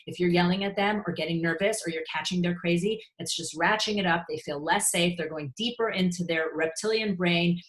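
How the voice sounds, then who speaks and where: Frank, lowish-voiced woman giving parenting advice. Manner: frank, conversational, acts out parent and child lines. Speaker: parenting speaker. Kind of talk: online talk giving advice.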